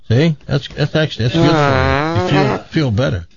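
A man's voice: a little high, a little hiss or hum. A man hosting a radio talk show, chatting casually and often repeating words as he thinks. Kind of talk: casual studio banter and joke-telling. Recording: slightly dull, dry studio sound.

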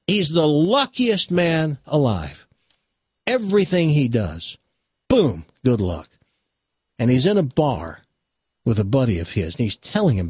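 Husky-voiced man hosting radio talk. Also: mid-range voice, no echo. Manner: folksy storyteller, acts out quotes. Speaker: radio show host. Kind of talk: casual radio talk and joke telling. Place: radio studio.

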